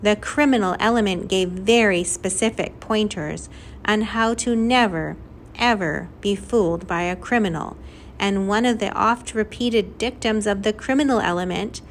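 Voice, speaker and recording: A woman's voice: medium pitch, slight background noise. Woman narrating a children's audiobook. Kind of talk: scripted narration.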